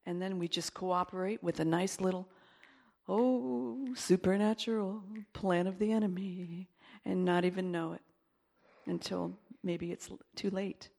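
A woman pastor preaching a sermon and leading prayer, emphatic, dropping to whispers and rising to loud exclaiming. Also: fairly low pitch, fairly even intonation, unhurried, vocal fry.

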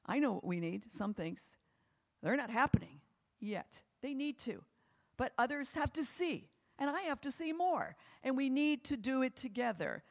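Gravelly preacher in a reverberant hall. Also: medium pitch, expressive, normal speed. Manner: fervent, repetitive exhortation. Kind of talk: sermon closing in prayer.

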